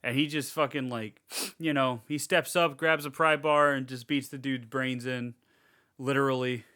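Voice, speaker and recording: Smooth and medium-pitched, a man talks at a moderate pace while co-hosting a podcast about a horror film. The chat is a casual movie review, full of animated swearing and scenes acted out in funny voices.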